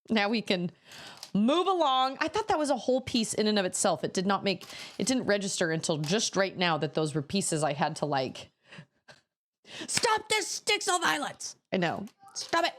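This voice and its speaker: A woman's voice: medium pitch, expressive, moderate pace. A woman in her thirties chatting casually as a streamer, laughing often and breaking into sudden exclamations. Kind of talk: casual chat while building.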